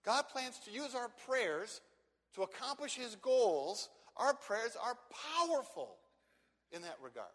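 A man with a high-pitched voice delivers an expository sermon in a church sanctuary. He is emphatic, repeats words, and slows down to stress key phrases. A long hall reverb trails every phrase. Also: very animated, a bit bright. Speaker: pastor.

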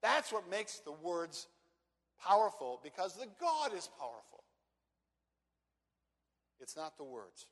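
A man with a high-pitched voice delivers an expository sermon in a church sanctuary. He is emphatic, repeats words, and slows down to stress key phrases. A long hall reverb trails every phrase. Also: big pitch swings, fairly bright tone. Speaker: pastor.

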